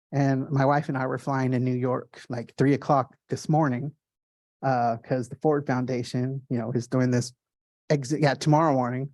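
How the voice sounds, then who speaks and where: A man tells stories about his own artwork in a casual, animated way. He rushes ahead when he gets excited and stumbles over fillers and restarts. His voice sits at a mid pitch and sounds dry and close, with no room echo. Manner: excited, talks fast in quick bursts. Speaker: artist giving a gallery talk. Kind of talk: casual storytelling talk.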